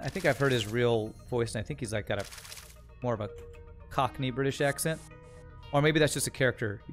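A man streaming a strategy game, chatting casually, thinking aloud and answering chat in a rambling way. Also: mid-range voice. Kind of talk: casual gameplay commentary, reading chat.

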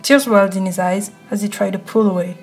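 Whispered role-play, woman narrating soft and close to you, mid pitch, light music under it. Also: fairly even intonation, brisk. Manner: hushed, intimate second-person narration. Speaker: ASMR narrator. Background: faint music.

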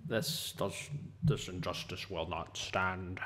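A man's voice: sits low, steady tone, slow, a bit bright, a little hiss or hum. A man hosting a casual gaming chat, joking, laughing and retelling funny stories while he plays. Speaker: gaming channel host.

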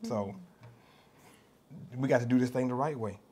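A pastor from the United States with a Southern accent preaches a sermon in a medium-pitched, husky, darkish voice at normal speed. He's passionate and emphatic, repeats phrases, and acts out the voices of people he quotes.

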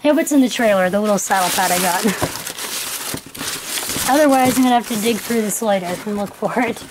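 A young woman filming an excited unboxing vlog at home, gushing with breathless exclamations. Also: mid-range voice, fairly quick, background noise. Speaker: toy collector vlogger.

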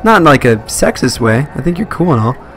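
A man's voice: a little high, very animated, brisk, fairly bright tone, soft background music. A young man commentating a live horror game stream, jumpy and swearing at scares. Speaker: let's play streamer.

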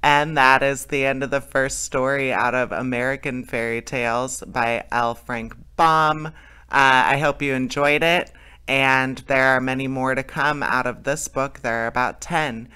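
A man's voice: medium pitch, fairly even intonation, measured pace, pushed and bright, clear, resonant tone. A man reading a fairy tale aloud as host of his story channel, friendly, with small slips he corrects.

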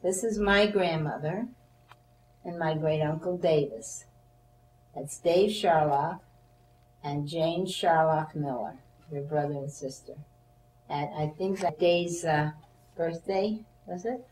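Woman, 80s, oral-history interviewee. Slow and chatty, playful sing-song delivery. Echoey room. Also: low voice, darkish tone. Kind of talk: oral history interview with a recited comic poem. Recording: roomy echo, faint background noise.

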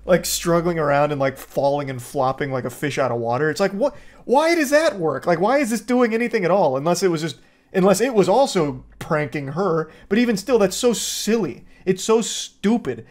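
A man's voice: high voice, animated, normal speed. Sarcastic man reviewing a movie. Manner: sarcastic, rambling, many "like"s. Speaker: host.

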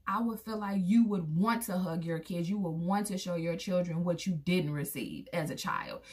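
A woman speaking straight to her viewers in a casual, candid vlog. She's a mother sharing opinions in a mid-range voice. When she quotes people, her voice jumps up sharply to act them out. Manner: acts out quoted voices with big pitch jumps. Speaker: vlogger; parent of a son.

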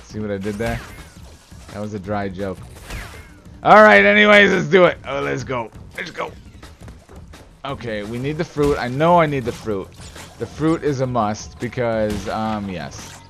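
A man's voice: mid-range voice, unhurried, creaky. A man casually commenting on his gameplay, joking around, swearing and bursting into mock anger. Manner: animated, jokey, swears, outbursts of mock anger. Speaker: let's play gamer. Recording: game music behind.

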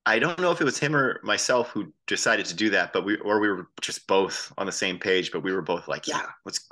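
A man guest in a casual interview, telling animated anecdotes and acting out the voices of people he quotes. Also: on the low side, fairly quick. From Boston area. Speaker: band frontman as guest.

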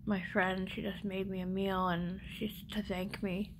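A woman's voice: mid-range voice, level tone, measured pace, a little hiss or hum, poor audio. A middle-aged woman vlogger speaking without teeth, telling a personal story in an emotional, rambling way that often drops to a whisper.

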